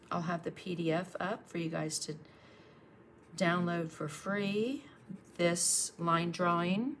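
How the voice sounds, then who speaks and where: Low-voiced chatty woman painter. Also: a little hiss or hum. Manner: chatty, encouraging, talks while painting. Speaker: painting instructor on a livestream. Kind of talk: casual painting demonstration.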